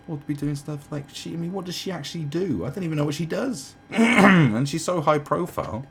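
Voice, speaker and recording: A man in his twenties or thirties hosts a commentary channel from home, ranting about politicians in a casual, sarcastic, profane monologue and breaking into mocking impressions. His voice sits on the high side, with lively intonation, a fairly quick pace, and vocal fry. A faint hiss or hum runs under the recording.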